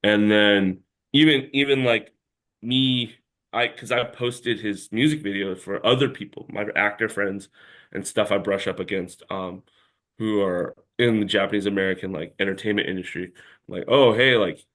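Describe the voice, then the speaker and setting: A man's voice: lowish voice, fairly even intonation, normal speed, fairly bright tone. A man telling a long story as an interview guest in a casual chat, rambling and packed with filler words.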